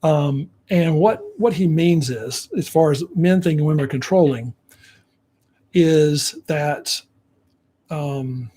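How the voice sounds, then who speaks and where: A man's voice: fairly high pitch, slow, dark tone. A man giving relationship advice to viewers, acting out what partners say to each other to explain how men hear it. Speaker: relationship coach.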